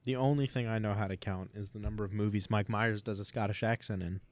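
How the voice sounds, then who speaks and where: A man's voice: on the low side, fairly even intonation, a little mellow, faint music behind. A young man co-hosting a comedy podcast, joking and teasing in casual chat. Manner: jokey, teasing, quick with impressions. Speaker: podcast co-host.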